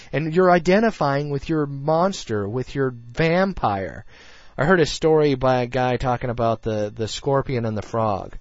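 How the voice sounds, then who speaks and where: A man hosts a casual faith podcast, speaking in a mid-range voice with no echo. He talks earnestly but rambles with lots of fillers, and the recording sounds dull and lo-fi.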